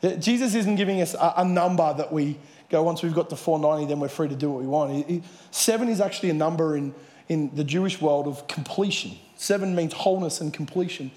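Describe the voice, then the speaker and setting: A man delivers an earnest sermon from the stage, his fairly high voice ringing through an echoey hall. He works through scripture verse by verse. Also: quick pace, a little mellow. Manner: earnest preaching with Bible readings. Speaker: pastor. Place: church hall with audience.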